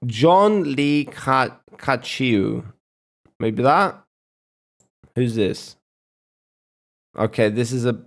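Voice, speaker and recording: Slow, foul-mouthed mocking male streamer. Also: mid-range voice, gravelly. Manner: profane, mocking, drawn-out. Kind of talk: casual reaction commentary.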